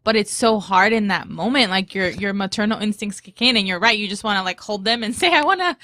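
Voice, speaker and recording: A woman's voice: mid-range voice, fairly even intonation, a little fast, bright, forceful tone, dry recording. A woman joining a podcast as a guest co-host, talking casually and upbeat and laughing easily. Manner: upbeat, laughs often between remarks. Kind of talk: casual chat.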